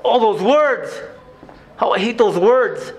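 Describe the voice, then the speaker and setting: Man playing a haunted, high-voiced inmate. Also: lively intonation. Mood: anguished. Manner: halting, emotional storytelling with stammered restarts. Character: haunted male inmate reliving his painful youth. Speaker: stage actor in a monologue. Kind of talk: theatrical monologue.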